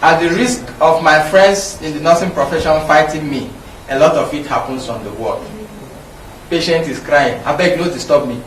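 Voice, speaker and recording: A man's voice: fairly high pitch, normal speed. A middle-aged man with a Nigerian English accent, giving an emphatic, anecdote-filled medical lecture. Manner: emphatic, repetitive, anecdotal teaching. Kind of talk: public lecture. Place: lecture hall. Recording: echoey hall, mic from far off, faint background noise.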